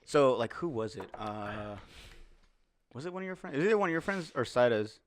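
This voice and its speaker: A young man co-hosting a casual podcast, rambling with loose slang and quick restarts. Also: mid-range voice, lively intonation. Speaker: podcast co-host. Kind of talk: casual chat.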